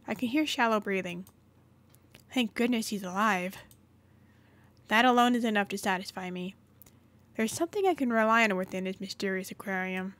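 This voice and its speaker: A woman's voice: a little high, a bit bright. A woman hosting a gaming channel, reading a story game's narration aloud with occasional asides.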